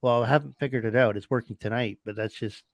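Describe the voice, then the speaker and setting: A man's voice: medium pitch, fairly even intonation, quick pace, dry recording. A man with a Canadian accent hosting a casual live stream from his laptop, rambling and laughing at himself. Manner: rambling, self-deprecating, laughs often. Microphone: laptop mic.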